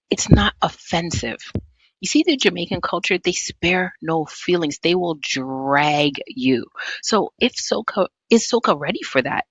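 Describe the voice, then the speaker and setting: A vlog host giving commentary in an animated, teasing way, full of rhetorical questions. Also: mid-range voice, no room sound.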